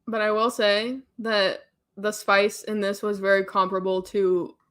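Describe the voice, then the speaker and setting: A woman's voice: medium pitch, level tone, a little slow, a bit bright. A young woman co-hosting a book club, chatting casually and giving strong opinions with frequent laughs. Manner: chatty, opinionated, laughs often, quotes characters in funny voices.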